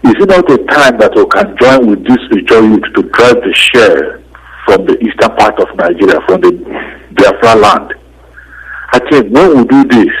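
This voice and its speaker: A man's voice: medium pitch, animated, moderate pace, a little hiss or hum, rough recording. A man calling in to a radio show, speaking firmly and insistently. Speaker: radio caller. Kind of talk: call-in radio talk.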